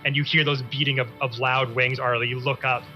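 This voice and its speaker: A man running a tabletop game as dungeon master, narrating scenes slowly and drawn out. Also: mid-range voice, little pitch movement, lo-fi sound, faint music behind.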